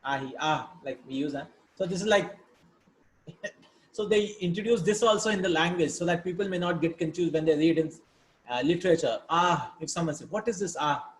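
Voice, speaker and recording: A man's voice: sits high, brisk, roomy sound, poor audio. A man teaching a grammar lesson, explaining patiently and often checking in with his students by asking "right?". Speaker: Arabic teacher.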